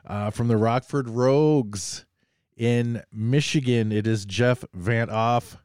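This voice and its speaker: A man's voice: medium pitch, slow, darkish tone, smooth, no echo, studio quality. A man hosting a casual podcast, joking and rambling as he talks, a bit under the weather. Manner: joking, rambling, self-deprecating. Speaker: podcast host.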